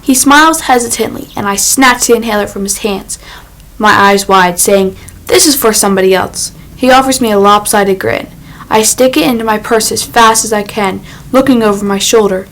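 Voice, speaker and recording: A woman narrating a first-person young adult novel in a measured, unhurried reading voice. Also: medium pitch, a bit bright, poor audio. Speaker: audiobook narrator.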